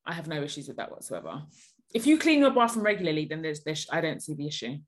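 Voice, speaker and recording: A woman's voice: deep voice, very animated, fast. A woman hosting a podcast, giving blunt, emphatic advice in casual chat.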